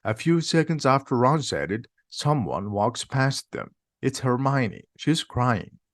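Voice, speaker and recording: Man, easy audiobook narration, steady and plain, mid pitch, dry close recording. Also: no room sound. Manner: slow, plain, steady reading. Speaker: reader.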